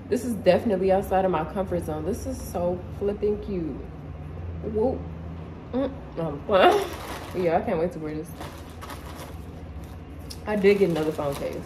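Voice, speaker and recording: A young woman chatting casually in her living room, excitable and slangy, as a vlogger showing clothes. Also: fairly low pitch, noisy background. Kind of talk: casual haul video chat.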